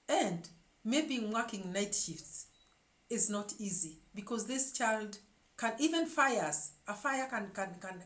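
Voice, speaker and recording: Emphatic woman telling a story in an echoey room. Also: medium pitch. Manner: emphatic, repeats words while searching for them. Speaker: show host. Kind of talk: storytelling monologue to viewers.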